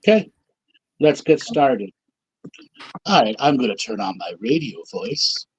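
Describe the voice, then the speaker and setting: A man co-hosting an online talk show, leading a slow, calm guided meditation with soothing instructions. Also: mid-range voice, husky, rough recording. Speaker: co-host leading a guided session.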